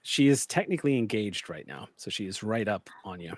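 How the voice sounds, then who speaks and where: A man as game master, narrating a tabletop game with vivid, deliberate description. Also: fairly low pitch, expressive, dry recording.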